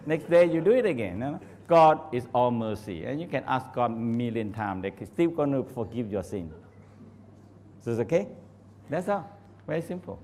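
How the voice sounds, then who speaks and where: A man teaching a live workshop in non-native English, animated, laughing often and firing questions at the audience. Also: mid-range voice, normal speed, slight background noise. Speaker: Taoist teacher. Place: training center hall.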